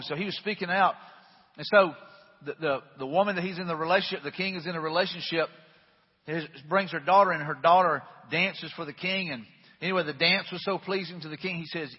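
Guy preaching, chatty w lots of you knows, husky, big echoey hall. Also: on the high side, brisk, lo-fi sound. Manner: conversational preaching with many fillers and restarts. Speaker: pastor. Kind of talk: sermon.

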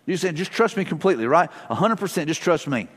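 This middle-aged male pastor is expressive and quick, with a higher voice and a breathy edge. Preaching in a church sanctuary with long reverb, he keeps things casual, blending family anecdotes and repeated brief prayers.

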